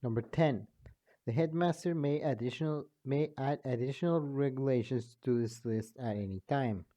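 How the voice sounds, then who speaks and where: A man's voice: medium pitch, dark tone. A young man casually reading a fan story aloud, stumbling and restarting, on a dull lo-fi home mic. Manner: slow, stumbling, restarts often. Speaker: fan fiction reader and narrator.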